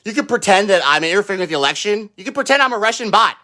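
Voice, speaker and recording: A political livestreamer delivers a heated, profane rant on his own microphone, rattling off mocking quotes of the people he targets. Animated and rapid-fire, his pitch jumps up and down constantly, and his voice carries a bright, cutting edge.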